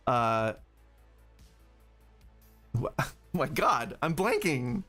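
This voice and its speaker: A man's voice: medium pitch, moderate pace, fairly bright tone, soft background music. A man hosting a livestream podcast, ranting profanely and rambling with restarts. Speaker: podcast host. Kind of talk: livestream commentary.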